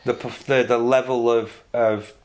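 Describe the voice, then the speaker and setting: A man co-hosting a podcast, talking about films in a casual, blunt and animated way with plenty of swearing. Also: mid-range voice, a little slow. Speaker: podcast co-host. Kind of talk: casual film chat.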